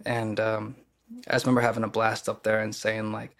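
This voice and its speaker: A man's voice: fairly low pitch, completely flat delivery, a little fast, gravelly, a bit bright. A young man from the US Midwest, an actor talking casually as a podcast guest, rambling with many fillers and restarts. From Kenosha, Wisconsin, US Midwest. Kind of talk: casual conversation.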